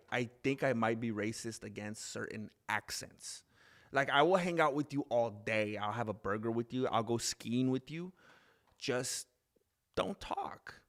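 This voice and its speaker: A man's voice: medium pitch, normal speed, a bit bright. Rambling male live-stream host. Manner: rambling, reads chat comments aloud, laughs often. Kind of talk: casual live-stream chat. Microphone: desk microphone with mixer.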